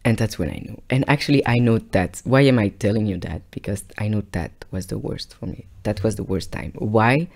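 A man casually telling a long personal story, rambling and repeating himself, sometimes dropping to a hushed near-whisper. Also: on the low side, brisk, vocal fry, hardly any pauses.

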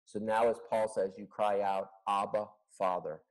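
Pastor-Stimme über Videoanruf. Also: male voice, lowish voice, little pitch movement, unhurried, rough recording. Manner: earnest, conversational teaching with rhetorical questions. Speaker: pastor teaching a Bible study. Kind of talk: Bible study teaching. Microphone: video call. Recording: online video call recording.

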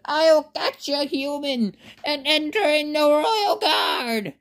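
A shrill boastful skeleton. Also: slow pace, exaggerated voice. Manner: shouting, theatrical, cackling "nyeh eh eh". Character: loud boastful skeleton, high nasal cackle.

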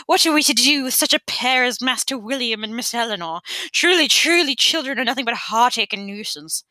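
A woman's voice: a little high, animated, a little fast, bright, forceful tone, no room sound, pitched above the performer's own voice. Woman doing a fussy fretting constable. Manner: fussy treble, sighing.

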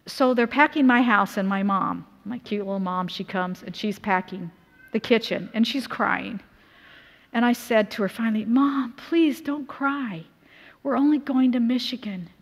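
A middle-aged woman from Utah giving a personal testimony sermon at a conference, telling her story earnestly with lively quoted asides. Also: mid-range voice. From Utah, USA. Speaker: conference speaker. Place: church conference hall. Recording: reverberant hall.

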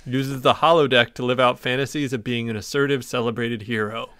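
A man's voice: mid-range voice, fairly even intonation, fairly quick, a bit bright, dry recording. Dry-sounding man, casual co-host. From American South. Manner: reads trivia notes aloud in a chatty, joking way. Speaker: podcast co-host. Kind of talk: casual chat.

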